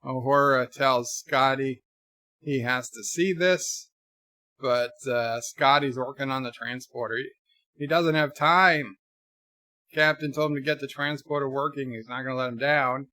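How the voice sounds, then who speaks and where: A man's voice: medium pitch, steady tone, measured pace, bright, forceful tone, dry recording, clean studio sound. A man casually commenting on a film while reading viewer chat aloud, with wry, sarcastic asides and frequent fillers. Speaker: streamer watching a film with chat.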